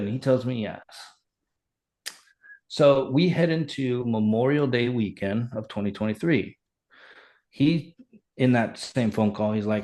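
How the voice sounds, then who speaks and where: Middle-aged male fire chief, earnest and animated, middle-range voice, conversational podcast guest. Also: mid-range voice, measured pace, long pauses. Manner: animated, earnest, reenacts dialogue. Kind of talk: conversational storytelling.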